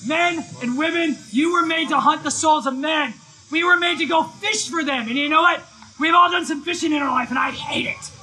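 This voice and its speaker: High-voiced, very bright male preacher, excitable live storyteller. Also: moderate pace, low-quality recording. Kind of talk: energetic live sermon with storytelling. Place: live event, outdoors or hall.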